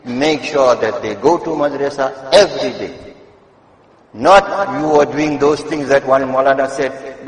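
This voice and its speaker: An older man giving a Friday sermon in a mosque, moving from quiet asides to loud, emphatic exhortation and wry teasing of the congregation. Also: medium pitch, normal speed. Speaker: mosque preacher. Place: mosque prayer hall. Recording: echoey hall with long reverb.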